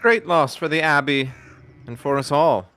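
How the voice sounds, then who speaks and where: A man's voice: on the high side, moderate pace, a bit bright, natural voice. A man voicing an earnest, formal monk in a live voice-over of game dialogue. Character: earnest male monk, a middle-aged abbey priest.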